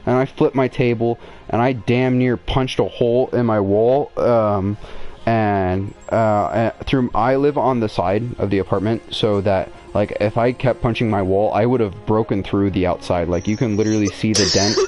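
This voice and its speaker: Soft music plays behind a young podcast host as he spins out a long, casual personal story, cursing, restarting sentences and using plenty of fillers. His fairly low voice is a little mellow, with fairly even intonation and a normal speed.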